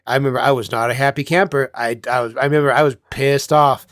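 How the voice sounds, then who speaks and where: A man's voice: medium pitch, steady tone, fast, a bit bright, no room sound, clean studio sound. A man hosting a casual chat, telling rambling childhood stories with lots of swearing and laughing at himself. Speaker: channel host.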